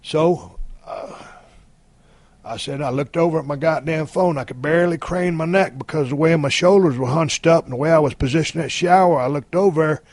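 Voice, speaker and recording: A man in his fifties spins a long story on his podcast, cursing freely and driving it with blunt energy. His voice sits a bit high for a man and sounds close and dry, with no room around it. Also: normal speed, dry recording. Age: 50s. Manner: profane, blunt, animated storytelling. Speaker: podcast host.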